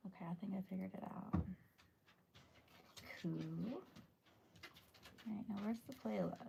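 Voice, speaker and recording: A woman's voice: medium pitch, measured pace, creaky, warm tone, slight background noise. A woman hosting a casual livestream from home, chatty and greeting viewers by name, tired after just waking up. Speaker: livestream host. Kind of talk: casual live chat with viewers.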